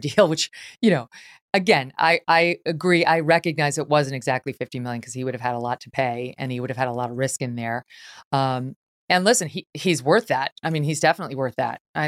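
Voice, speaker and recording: A middle-aged woman hosting a talk podcast, chatting in an animated, opinionated way with quick asides. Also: very deep voice, dry recording, studio quality. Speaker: podcast host.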